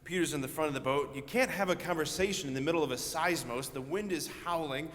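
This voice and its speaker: A Catholic priest preaches a homily in a conversational, earnest way. His voice sits a little high for a man. A long reverb rings through the church. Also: quick pace, fairly bright tone. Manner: conversational, earnest, vivid storytelling.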